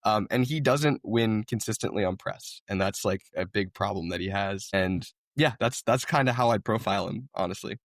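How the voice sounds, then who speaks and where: A man's voice: on the low side, normal speed, hardly any pauses, dry recording, studio quality. A man co-hosting a podcast, in casual, enthusiastic chat full of "like" and "I mean". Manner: enthusiastic, uses many fillers like "I mean" and "like". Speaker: podcast co-host.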